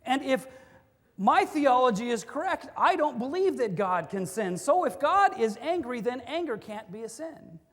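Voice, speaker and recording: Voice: high-pitched, sing-song, moderate pace, fairly bright tone. A pastor giving a sermon in a conversational way, mixing in humorous stories. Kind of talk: sermon with storytelling. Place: church. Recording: long reverb of a church hall.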